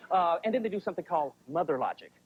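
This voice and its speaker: A male comedian working the crowd in a stand-up routine, with a lively, bouncing pitch. He keeps checking in with his listeners. The sound is muffled, like a 1980s TV broadcast. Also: fast, slightly rough. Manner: chatty, keeps asking the crowd "right?".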